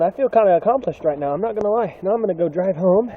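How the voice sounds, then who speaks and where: A man's voice: high voice, lively intonation, fast talker, phone-quality sound. A man talking casually and profanely to a phone camera, complaining with mock melodrama while out in the rain and in his car. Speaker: vlogger. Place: outdoors and in a car during heavy rain. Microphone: phone camera held at arm's length. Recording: loud rain noise over phone audio. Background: pouring rain.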